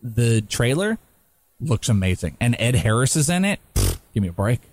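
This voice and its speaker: A man co-hosting a podcast in casual banter, animated and joking, often laughing. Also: medium pitch, moderate pace, dry recording. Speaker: podcast co-host.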